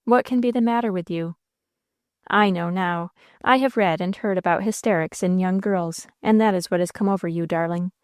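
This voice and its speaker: A lady doing a devoted young guy in a storybook, pleading and emphatic, smooth clean voice, dry sound. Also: lowish voice, normal speed, no echo, lightly acted. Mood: coaxing. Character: ardent devoted young man, impassioned suitor.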